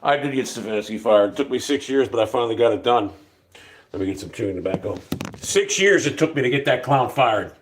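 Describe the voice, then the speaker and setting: A man's voice: medium pitch, lively intonation, a little fast. A man in his fifties hosting a casual livestream, talking in a profane, rambling and irritated way. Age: 50s. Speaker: livestream host.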